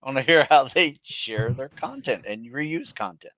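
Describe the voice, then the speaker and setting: A man's voice: medium pitch, expressive, normal speed, a bit bright, no room sound, faint music behind. A man co-hosting a podcast, putting questions and giving short, encouraging replies. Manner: brief, encouraging interjections. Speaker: podcast co-host. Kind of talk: casual chat.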